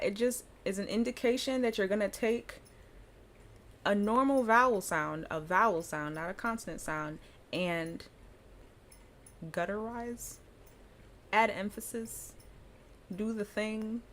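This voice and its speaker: A woman's voice: medium pitch, a little slow, long pauses, a bit bright. Chatty woman teaching pronunciation, laughing often. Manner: chatty, laughs often, explains with many fillers. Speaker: language teacher. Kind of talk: casual spoken lesson.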